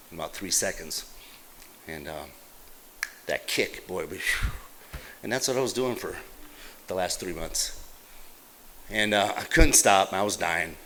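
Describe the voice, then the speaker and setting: A middle-aged man from Utah telling his recovery story at a meeting, halting and plain-spoken, with many fillers and restarts. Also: low-pitched, a bit bright, a little hiss or hum. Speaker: AA meeting speaker. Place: meeting hall.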